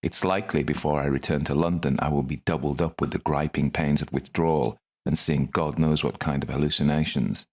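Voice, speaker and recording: A man's voice: rumbling low, steady tone, brisk, few pauses, a little mellow. A man narrating his own first-person story in a dry, wry manner.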